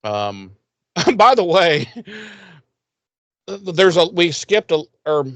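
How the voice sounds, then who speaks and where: A man co-hosting a podcast, casually recapping a TV episode with lots of swearing and lively acted-out quotes. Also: a little high, drawn-out words, no room sound. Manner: profane, animated, acts out quoted lines. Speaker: podcast co-host.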